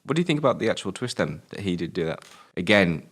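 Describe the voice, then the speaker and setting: British man, very low voice, quick rambling speech, casual film chat, swears a lot. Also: sing-song, fairly bright tone. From Britain. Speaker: film review show co-host.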